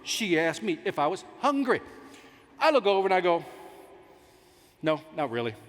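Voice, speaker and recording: A middle-aged man giving a motivational keynote, telling stories with loud outbursts and playing to the crowd. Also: high-pitched, fairly quick. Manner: animated storytelling, loud outbursts, plays to the crowd. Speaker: keynote speaker. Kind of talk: motivational stage speech. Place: large conference hall. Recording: long hall reverb, faint noise.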